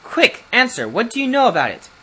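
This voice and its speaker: A reader voicing an anxious, fussy ambassador lord who speaks formally and climbs into shrill alarm in a storybook reading. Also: very animated, moderate pace, fairly bright tone, husky, rough recording. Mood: demanding.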